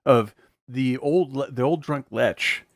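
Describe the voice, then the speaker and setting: A man co-hosting a casual film podcast, retelling scenes with lively acted-out voices and frequent laughter. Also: mid-range voice, slow pace, no room sound, studio quality. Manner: animated, acts out film scenes in put-on voices, laughs often. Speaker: podcast co-host.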